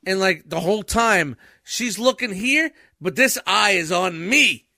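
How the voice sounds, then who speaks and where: A man's voice: high-pitched, unhurried, creaky, no room sound, clean studio sound. A man telling a story in a casual podcast chat, swearing freely and often breaking into laughter. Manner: profane, animated, laughs often mid-story.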